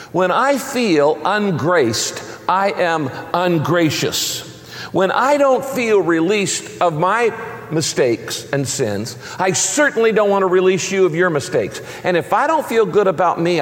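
A male pastor delivers a sermon with an animated, emphatic style, building lines through repetition. His voice sits a little high and swings widely in pitch. The sound carries a long reverb from a large hall. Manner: animated, emphatic preaching with repeated phrases.

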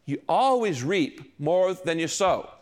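A man's voice: on the high side, takes it slowly. An older man preaching a sermon as a pastor, telling stories and acting out quoted voices along the way. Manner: animated storytelling with quoted voices.

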